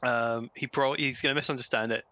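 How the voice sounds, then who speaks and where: A man playing a tabletop role-playing game, thinking aloud in a chatty, hesitant way. His voice is very bright and sharp at middle pitch, recorded dry and close. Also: steady tone, a little fast, no room sound. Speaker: player. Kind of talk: casual tabletop play.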